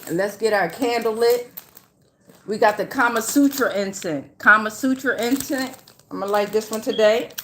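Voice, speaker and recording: A woman giving a casual, loose and chatty tarot reading, swearing freely and often checking in with her listeners. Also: on the high side. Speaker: tarot reader.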